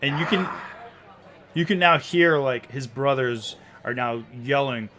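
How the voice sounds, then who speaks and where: A man in the game master's seat paints a chaotic tavern brawl in lively, descriptive narration. His voice sits in an ordinary middle register, and he often stops and restarts a phrase. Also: mid-range voice, unhurried, noisy background.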